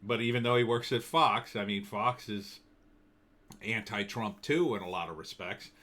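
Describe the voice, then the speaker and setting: A man delivers a solo opinion commentary, loose and conversational with a sardonic edge. His voice sits fairly low but has a forceful brightness to it. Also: moderate pace. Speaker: political commentator.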